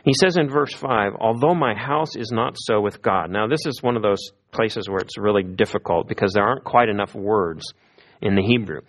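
A man preaching a sermon as a pastor, in a conversational manner with lively emphasis. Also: on the low side, moderate pace.

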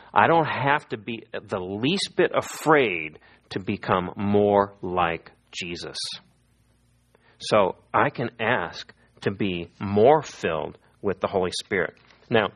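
A middle-aged man preaching a sermon as a pastor, telling stories and acting out the people he quotes. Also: lowish voice. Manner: lively storytelling, acting out quoted voices.

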